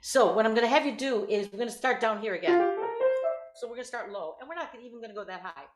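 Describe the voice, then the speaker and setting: A woman voice teacher coaching a student over a video call, giving quick praise and clear instructions. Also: a little high, roomy sound, loud music behind the voice. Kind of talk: virtual one-on-one singing lesson.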